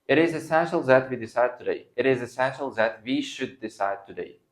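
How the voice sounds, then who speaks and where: An Uzbek-speaking man leads a class through an English grammar lesson, acting out example sentences. His mid-range voice is expressive and a little fast, and his phrasing is clearly that of a non-native speaker.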